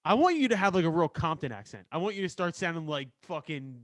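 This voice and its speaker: A man's voice: fairly high pitch, big pitch swings, fast talker, no room sound. Teasing man, dry close sound. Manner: teasing, joking, swearing. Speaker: podcast co-host. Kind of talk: casual chat.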